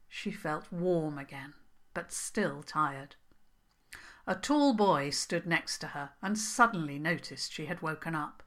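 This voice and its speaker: A woman reading a children's story aloud as narrator, calm and unhurried. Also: on the low side.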